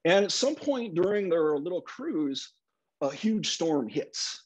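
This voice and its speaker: A middle-aged male minister preaching in a relaxed, storytelling way. His voice is husky and fairly high for a man, and its pitch swings widely as he talks. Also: slow pace. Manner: conversational storytelling. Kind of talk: sermon.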